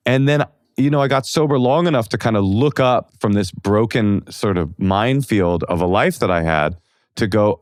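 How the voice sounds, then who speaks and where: A man in his forties from Oakland, talking in a casual interview as a comedian guest. His voice sits low, and he tells self-deprecating stories with animation and plenty of fillers. The recording is dry and close. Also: animated, normal speed, no echo. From Oakland, California.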